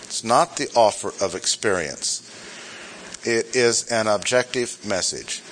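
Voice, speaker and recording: A man's voice: on the low side, expressive, unhurried, a bit bright, a little hiss or hum. Emphatic preacher, man, repeating key points. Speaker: pastor. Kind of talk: sermon.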